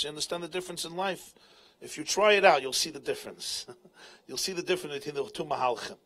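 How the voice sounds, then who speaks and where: A rabbi tells a story to a live crowd in a bright, husky voice that rides high and swings widely. He acts out the characters with animated delivery and drops Hebrew and Yiddish terms into his speech. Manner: animated storyteller, acting out voices, laughing often. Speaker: rabbi and speaker. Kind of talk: storytelling talk at a live event. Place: event tent.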